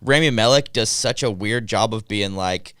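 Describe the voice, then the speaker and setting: Rambling young man, dry clear voice. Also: fairly low pitch, normal speed, a bit bright, no room sound. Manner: rambling, many fillers. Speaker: podcast co-host. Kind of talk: casual chat.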